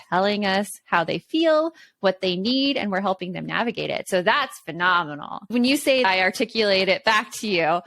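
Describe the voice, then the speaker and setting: A woman's voice: mid-range voice, fairly bright tone, no echo. Earnest woman co-hosting a parenting chat. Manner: earnest, explains with examples from home. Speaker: podcast co-host. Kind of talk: casual parenting podcast chat.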